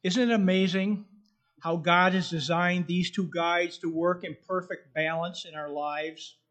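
A male preacher delivering a sermon in a somewhat high voice. He reads scripture slowly and earnestly, and a faint whistle comes from his tooth. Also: steady tone, a bit bright. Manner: slow, earnest delivery, reading scripture aloud.

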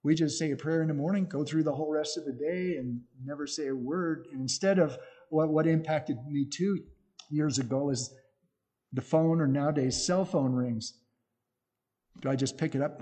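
Middle-aged guy preaching, earnest and chatty, mellow voice. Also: a little high, normal speed. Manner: earnest, conversational with restarts. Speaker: missionary speaker. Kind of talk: sermon.

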